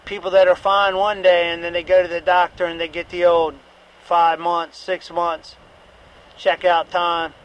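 High-voiced middle-aged man, candid testimony. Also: monotone, a little slow, fairly bright tone, lo-fi sound. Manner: candid, repetitive, occasionally profane. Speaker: recovery meeting speaker. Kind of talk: personal testimony.

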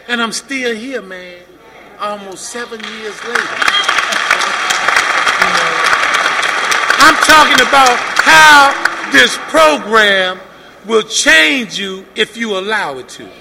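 A man sharing his recovery story at a meeting, acting out both sides of the dialogue and rising to shouts. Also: very high voice, vocal fry. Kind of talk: personal testimony at a meeting. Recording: long hall reverb with faint room noise.

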